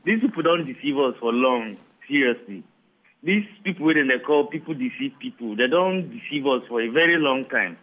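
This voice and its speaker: A man's voice: mid-range voice, animated, a little fast. A Nigerian man calling in to a talk show in pidgin, polite and sure of his view. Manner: polite, agreeable. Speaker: caller. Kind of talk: phone-in opinion. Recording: tinny phone line.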